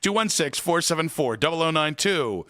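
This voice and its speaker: Brief: a male American sports radio host, high and bright, with a lively, sarcastic delivery at a studio mic. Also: normal speed. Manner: sarcastic and ranting, reads phone numbers and plugs.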